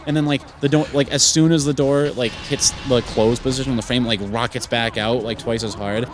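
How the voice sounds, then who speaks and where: A man's voice: mid-range voice, steady tone, fairly quick, noisy background. A man chatting on a gaming podcast, rambling through an improvised story with swearing and laughter. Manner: profane, laughing, acts out bits in sudden shouted voices.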